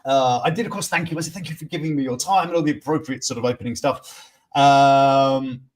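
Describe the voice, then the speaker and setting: A man's voice: mid-range voice, a little fast. A man hosting a casual news stream, rambling with many fillers and restarts. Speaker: host. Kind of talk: casual live-stream chat.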